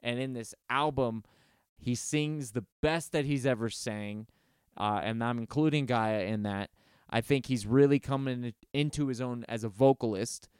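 A man co-hosts a casual music podcast, his voice smooth and resonant. He talks in an animated, profane ramble full of restarts. The sound is close and dry, with no room around it. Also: medium pitch, normal speed, no echo. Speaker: podcast co-host. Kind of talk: casual music review chat.

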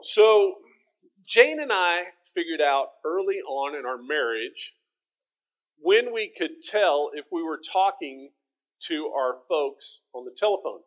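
A man's voice: a little high, expressive, slow pace. Folksy Texan man preaching. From Texas. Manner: folksy and conversational, with restarts. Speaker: teacher. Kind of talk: sermon.

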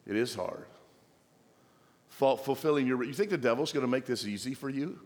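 A man's voice: medium pitch, moderate pace, a little mellow, in a large hall. A male pastor preaching a sermon, exhorting the church with playful asides and mock voices of the congregation.

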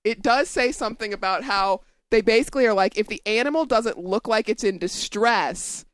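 A woman's voice: fairly high pitch, moderate pace, no room sound. A woman co-hosting a casual comedy podcast, reacting bluntly and profanely to news stories. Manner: blunt, profane, laughs often. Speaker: podcast co-host.

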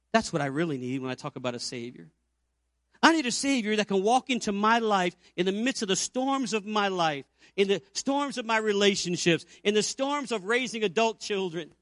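A man in his fifties preaching an Easter sermon as pastor, building to emphatic peaks and dropping to quiet low stretches. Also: dry recording, clean studio sound.

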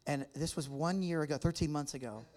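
Before a live church audience, a guest speaker from the U.S. keeps things chatty and playful, joking and interacting with those present. His fairly high voice is a little mellow, and he talks a little fast.

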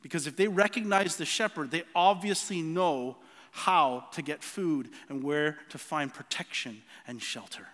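A man's voice: on the high side, a little slow, a bit bright, big-room sound. A man preaching a sermon, telling a personal story earnestly with many restarts and repeated words.

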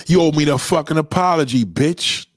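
A man's voice: a little high, moderate pace, no room sound, clean studio sound. A man delivering a heated, profane, confrontational rant straight to his audience, with repeated callouts.

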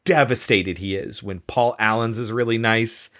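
A man's voice: fairly low pitch, fairly even intonation, moderate pace, a bit bright. Wry, analytical man co-hosting a film chat. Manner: wry and analytical, musing with rhetorical questions. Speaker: podcast co-host. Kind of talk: casual film discussion.

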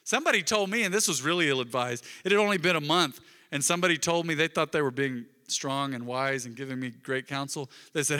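A male pastor preaching a sermon in a church, swinging from loud emphatic bursts to soft, intimate murmurs. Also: fairly high pitch, quick pace, few pauses, clear, resonant tone. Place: church sanctuary. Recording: long reverb of a large hall.

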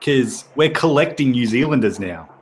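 A man hosts a podcast in casual conversation, tossing out crude, joking banter. His voice sits at a middling pitch, and a faint noise runs beneath it. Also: lively intonation, normal speed. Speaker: podcast host.

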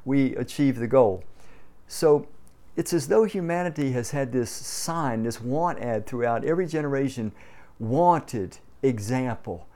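Male preacher, warm low-key timbre, emphatic sermon delivery with frequent restarts. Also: lively intonation, measured pace. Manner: emphatic, repeats words when starting phrases. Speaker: pastor.

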